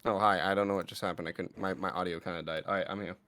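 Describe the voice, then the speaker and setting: A man's voice: low-pitched, fairly even intonation, rapid-fire, sharp tone. A man joking around on a game stream, swearing often. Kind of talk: casual chat.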